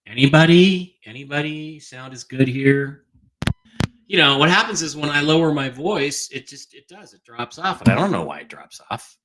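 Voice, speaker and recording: A man's voice: medium pitch, big pitch swings, moderate pace, crowd noise. A man hosting a casual livestream, reading viewer questions and answering them bluntly, while his level drops whenever he moves off the desk mic. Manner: blunt, dismissive, thinks aloud while fiddling with mic settings. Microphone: desk microphone whose level drops as he moves away.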